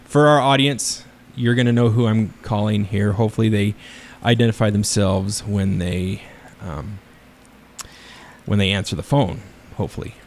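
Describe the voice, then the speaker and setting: A man's voice: lowish voice, normal speed, slight background noise. A man hosting a podcast, making a prank phone call with feigned earnest worry and a straight face. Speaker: podcast host.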